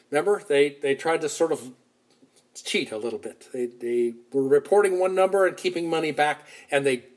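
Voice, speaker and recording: Animated storytelling preacher, fairly high voice. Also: male voice. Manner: animated storytelling, shifting loudness, acts out quotes. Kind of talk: sermon retelling a Bible story.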